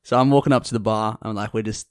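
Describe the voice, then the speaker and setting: A young man co-hosting a podcast, telling a pub anecdote in a relaxed, casual way and acting out the people in it. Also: fairly low pitch, fast talker, smooth. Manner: laid-back storytelling, acts out the people in his anecdotes. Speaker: podcast co-host. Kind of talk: casual chat.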